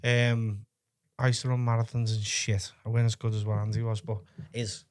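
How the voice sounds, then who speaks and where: A man's voice: on the low side, level tone. A man hosting a podcast, chatting loosely and swearing. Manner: loose, swearing, quick to laugh. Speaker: podcast host. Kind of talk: casual chat.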